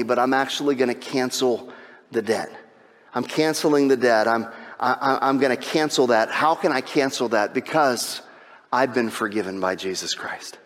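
Impassioned pastor preaching in a hall. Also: male voice, mid-range voice, normal speed. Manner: builds to impassioned, shouting peaks when retelling the parable; repeats phrases and restarts for emphasis. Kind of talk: sermon.

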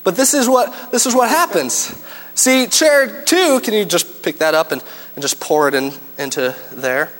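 Brief: man, preacher, animated storyteller, higher voice, church reverb. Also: unhurried. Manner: animated storytelling, acts out scenes. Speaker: pastor. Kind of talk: sermon.

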